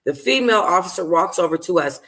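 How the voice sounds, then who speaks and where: Brief: woman book-club reader, low-ish voice, casual and profane, fixes her own slips. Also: lively intonation, fast talker, fairly bright tone. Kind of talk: casual read-aloud of a novel.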